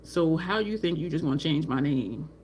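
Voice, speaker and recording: With a deep, slightly mellow voice, lively intonation and normal speed, a middle-aged woman chats with viewers as she does her makeup live. A faint hiss or hum runs underneath. She reads and replies to the chat, laughs often, and acts out the people she talks about.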